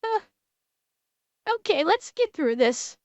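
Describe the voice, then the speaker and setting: A woman's voice: high voice, sing-song, takes it slowly, no echo, muffled recording. A woman streamer reacting to videos in casual commentary, emotional and exclaiming, close to tears and swearing.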